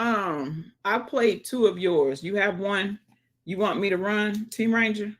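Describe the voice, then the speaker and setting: A woman's voice: mid-range voice, measured pace. A woman hosting a casual livestream, greeting viewers by name and chatting as she reads the comments. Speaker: livestream host.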